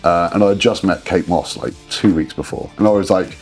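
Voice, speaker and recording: Deep-voiced man, swearing storyteller. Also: a little fast, soft background music. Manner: animated, swears freely, rambling. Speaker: guest, drinks brand ambassador. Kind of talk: casual storytelling interview.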